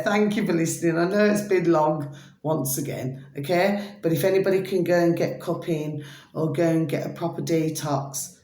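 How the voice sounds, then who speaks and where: A woman, her voice going hoarse, rambling affectionately through an evening vlog. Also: low-pitched, darkish tone. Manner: rambling and affectionate, calls listeners babies, keeps asking "do you see what I mean". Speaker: spiritual vlogger. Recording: echoey room.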